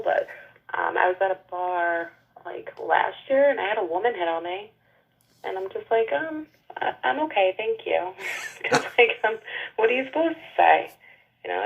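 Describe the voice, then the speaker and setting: A young woman chats casually on a podcast over a muffled, lo-fi line. Her voice is husky with a gravelly edge, and she speaks in a relaxed way, laughing easily and letting phrases drop off quietly. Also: fairly low pitch. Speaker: podcast co-host.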